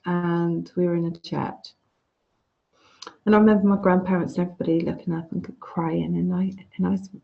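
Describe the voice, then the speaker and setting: A woman's voice: on the low side, vocal fry. A woman teaching an online course over a video call, chatty and frank, often restarting her phrases. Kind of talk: casual online lecture. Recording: dull lo-fi video call audio.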